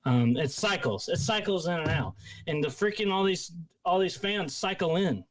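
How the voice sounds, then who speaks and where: A man's voice: sits high, lively intonation, normal speed, dry recording. A man ranting heatedly on a livestream, profane and rambling with lots of restarts. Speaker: guest panelist.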